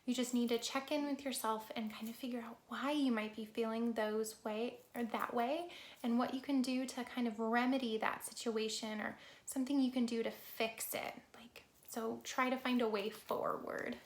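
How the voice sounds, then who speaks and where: A woman reading a picture book aloud to children as a storyteller, lively and talking straight to her young listeners, sometimes dropping into a soft whisper. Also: on the high side, moderate pace, echoey room. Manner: animated, talks straight to children, drops to soft whispers for asides.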